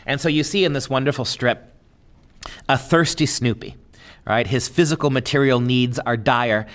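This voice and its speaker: A man in the middle of a lecture, his voice at an ordinary middle pitch. He talks in a discursive way, throwing in rhetorical "right?" checks and "uh" fillers as his thoughts unfold. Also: normal speed, fairly bright tone.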